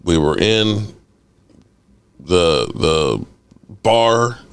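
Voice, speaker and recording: A man hosting a casual sports fan livestream. He reads chat aloud and rants with animated energy. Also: sits low, drawn-out words, smooth. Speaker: host of a sports fan channel.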